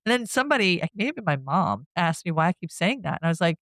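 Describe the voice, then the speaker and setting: A woman on a podcast walks through a movie's story in a relaxed, chatty way, breaking into laughter now and then. Her voice sits on the lower side for a woman. The sound is close and dry, with no room around it. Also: fast talker, dry recording. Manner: laughs often while retelling a plot, animated. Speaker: podcast co-host. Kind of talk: casual movie recap chat.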